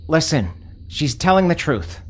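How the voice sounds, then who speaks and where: A man's voice: fairly high pitch, very animated, measured pace. A man playing a tabletop role-playing game who asks questions and slips into character. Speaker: player.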